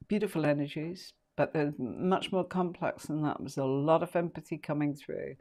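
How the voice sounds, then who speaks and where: A woman's voice: sits low, darkish tone. Woman hosting a casual tarot tutorial live, rambling and chatty, filler-heavy. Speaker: tarot teacher.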